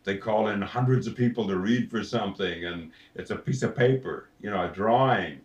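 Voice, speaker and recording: A man, a voice actor, telling anecdotes in an interview in an animated way, slipping into voices. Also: lowish voice, moderate pace, dull audio. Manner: animated storyteller, slips into voices. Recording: roomy, distant mic.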